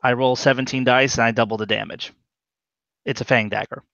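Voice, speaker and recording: A man's voice: medium pitch, steady tone, creaky, sharp tone, no room sound, highs cut off. Hesitant man running a tabletop game. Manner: halting, explains rules with many fillers. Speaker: game master.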